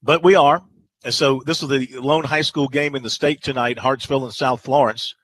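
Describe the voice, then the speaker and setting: Rambling radio sports host. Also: male voice, mid-range voice, steady tone, moderate pace, fairly bright tone, a little hiss or hum, low-quality recording. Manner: rambling, hesitant, many fillers. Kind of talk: casual radio sports talk.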